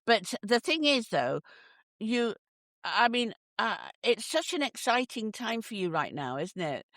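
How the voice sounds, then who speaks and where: A woman's voice: a little high, sing-song, a little slow, fairly bright tone, no echo, studio quality. A woman from the English Midlands hosting a casual chat. She laughs often and acts out little quotes. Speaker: host.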